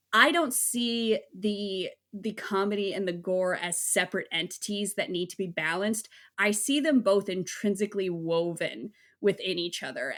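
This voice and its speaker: A woman talking as a podcast guest, enthusiastic and frank, swearing casually in easygoing chat. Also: medium pitch. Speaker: guest film critic.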